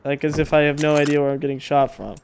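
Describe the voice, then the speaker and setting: A man chatting casually through a survival game, excitable and swearing, often repeating himself. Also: fairly high pitch, fast, vocal fry, background noise. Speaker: gaming video creator. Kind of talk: casual gameplay chat.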